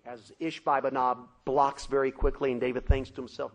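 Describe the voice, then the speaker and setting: A man preaching a sermon, telling a story dramatically with shouted sound effects. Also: mid-range voice, level tone, normal speed, rough recording.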